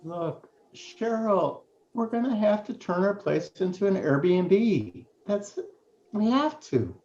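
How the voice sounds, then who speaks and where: A woman, a student actor, playing a blunt, stressed woman who talks slowly and insistently in a stage scene. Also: medium pitch, sing-song, mellow. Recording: dull, roomy, faintly noisy.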